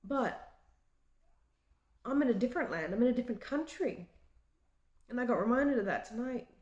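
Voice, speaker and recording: A woman from Australia in her late twenties or thirties, with an Australian accent, talking in a halting and reflective way in a personal vlog. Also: on the high side, expressive, darkish tone, lo-fi sound. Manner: halting and reflective, with frequent restarts. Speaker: vlogger. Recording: roomy echo.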